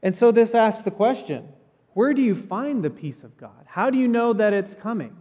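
A pastor giving a sermon in a church, telling the story in a conversational, animated way with casual asides. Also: male voice, sits high, normal speed, in a large hall. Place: church sanctuary.

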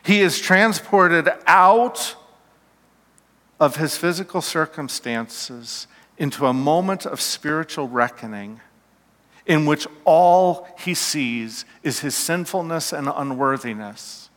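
A man preaching a sermon slowly and emphatically, his voice falling to a hush at key points, in a church. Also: fairly high pitch, lively intonation. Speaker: pastor. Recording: long reverb of a hall.

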